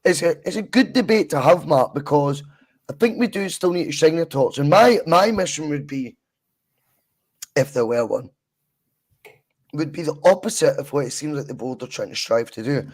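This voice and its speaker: A man's voice: on the high side, normal speed, slightly rough. Laughing Scottish man, football podcast. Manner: laughs often, swears, animated. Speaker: podcast co-host. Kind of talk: casual football podcast chat.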